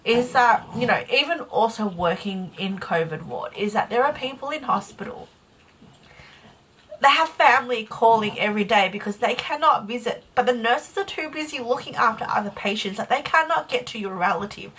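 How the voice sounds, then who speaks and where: A woman's voice: on the high side, normal speed, fairly bright tone, slight background noise. A young Australian woman vlogging, venting with blunt frustration and swearing, at times emotional. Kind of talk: casual venting to camera.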